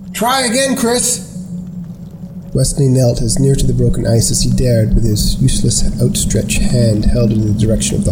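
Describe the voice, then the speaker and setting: A man narrating a scripted story in a measured, unhurried way. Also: medium pitch, background noise.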